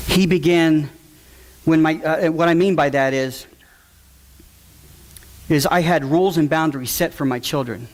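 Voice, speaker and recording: A man's voice: on the high side, fairly even intonation, normal speed, pauses often. A father giving an earnest, emotional testimony to a church audience, repeating key words for emphasis.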